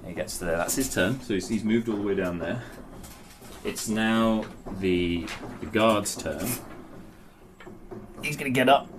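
A man's voice: on the low side, unhurried, long pauses. Hesitant man running a tabletop game. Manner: hesitant, full of ums and restarts. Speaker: game master. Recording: noisy home recording.

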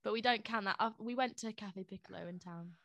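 A woman's voice: medium pitch, fairly quick, vocal fry, fairly bright tone, dry recording. Rambling young woman, dry sound. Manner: rambling, hesitant, many fillers. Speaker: podcast co-host. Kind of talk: casual chat.

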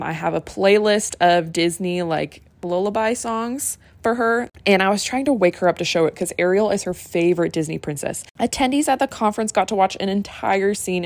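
A young woman hosting a casual solo podcast, gushing and excitable, often restarting her sentences. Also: medium pitch, no echo. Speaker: podcast host.

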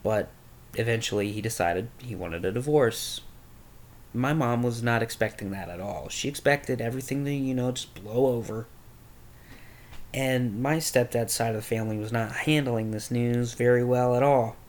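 A man's voice: medium pitch, normal speed. Candid young man telling a story. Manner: candid, rambling, with crude language. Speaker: podcast host. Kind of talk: personal storytelling.

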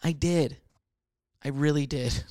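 Rambling young comedian, dry close sound. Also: male voice, on the high side, takes it slowly, dry recording. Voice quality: profane, animated, restarting. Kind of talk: rambling comic monologue.

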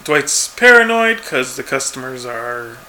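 A man co-hosting a podcast casually recaps a TV episode, laid-back and chuckling as he acts out quoted lines. His medium-pitched voice is bright, forceful and very animated yet unhurried, with a little hiss or hum in the recording.

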